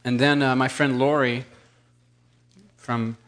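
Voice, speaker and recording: A man's voice: mid-range voice, little pitch movement, slow pace, a bit bright. A man in his thirties telling a rambling, self-deprecating story to a congregation. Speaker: preacher.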